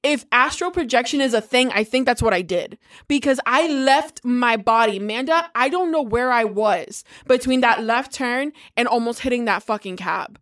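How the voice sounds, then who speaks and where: A woman in her thirties, telling a story in casual chat, animated and swearing freely. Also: on the high side, moderate pace, hardly any pauses.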